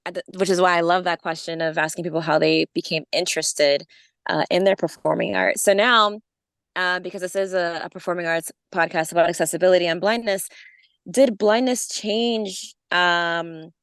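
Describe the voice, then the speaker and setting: A woman interviewing a guest on her podcast, her voice lower than most. She laughs easily and lets her questions wander before landing them. The sound is dry, with no room echo. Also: fairly even intonation, moderate pace, clean tone. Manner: warm laughing, meandering questions. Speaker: podcast host.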